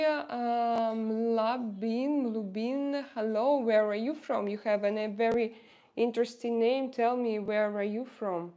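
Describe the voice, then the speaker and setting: This is a woman in her thirties with a Russian accent, chatting casually on a livestream from home. Her voice sits a little high, and she hesitates often with fillers and restarts while greeting viewers by name. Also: darkish tone. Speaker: livestream host.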